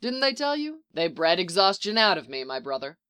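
A reader voicing a calm, possessive clone commander man with a low, dry teasing way of talking. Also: brisk, clear, resonant tone. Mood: smirking, murmuring.

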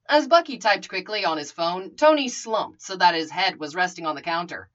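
Brief: expressive woman storyteller, muffled home recording. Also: fairly low pitch, moderate pace, few pauses. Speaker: reader. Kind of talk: storybook narration.

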